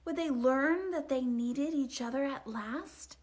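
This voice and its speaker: A woman reading a rhyming children's picture book aloud, expressive and sing-song, sometimes dropping to a whisper. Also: high-pitched, a little slow. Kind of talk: storytime read-aloud.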